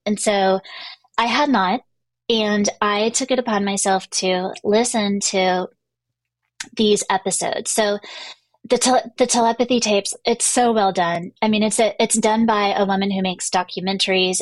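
A woman's voice: mid-range voice, no echo. A middle-aged woman hosting a podcast, telling a personal story in a chatty way, full of fillers and restarts. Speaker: podcast host. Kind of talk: casual storytelling monologue.

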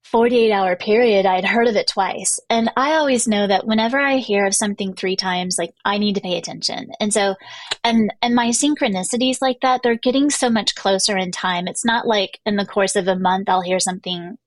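A woman's voice: mid-range voice, normal speed, no echo. A middle-aged woman hosting a podcast, telling a personal story in a chatty way, full of fillers and restarts. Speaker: podcast host. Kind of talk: casual storytelling monologue.

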